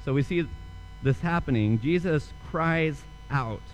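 A man's voice: on the high side, unhurried, slight background noise, rough recording. A young man preaching a sermon, telling a story and then asking earnest rhetorical questions. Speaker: pastor.

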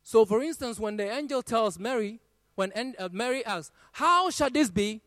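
A man with a high voice preaches a sermon. He quotes scripture in a swelling, half-sung cadence. The sound is dry and close, with no room echo. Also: animated, moderate pace, a bit bright.

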